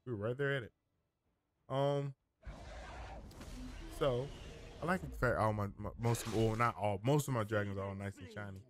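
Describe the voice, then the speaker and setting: A man's voice: fairly low pitch, moderate pace, long pauses, slight background noise. A man giving casual gameplay commentary as a streamer, thinking aloud, rambling and often correcting himself mid-sentence.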